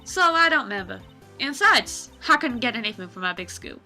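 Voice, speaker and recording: A woman's voice: high-pitched, sing-song, brisk, bright, forceful tone, faint music behind, voice pushed up, full character voice. Woman doing a brash country-drawl photographer. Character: loud folksy young female photographer.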